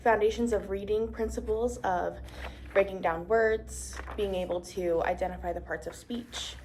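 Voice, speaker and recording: A woman's voice: medium pitch, steady tone, normal speed, darkish tone, slight background noise. A young woman teaching a vocabulary lesson to young pupils, upbeat and encouraging, with call-and-response prompts. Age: young adult. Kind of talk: demonstration lesson to imagined class. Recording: echoey room, mic at a distance.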